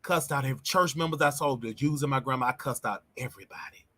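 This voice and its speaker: A man hosting his show, telling a personal story in an emotional, animated way and often repeating himself. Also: mid-range voice, quick pace. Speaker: show host.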